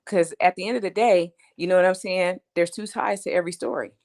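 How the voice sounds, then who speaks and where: A woman on a live stream tells a story in a blunt, emphatic, chatty rant, frequently asking "you know what I'm saying." Her voice is fairly low and steady, darkish in tone, and brisk.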